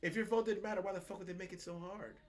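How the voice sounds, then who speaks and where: A young man co-hosting a podcast in casual political chat, animated and profane, often mocking other people's words. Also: sits high, very fast. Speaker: podcast co-host.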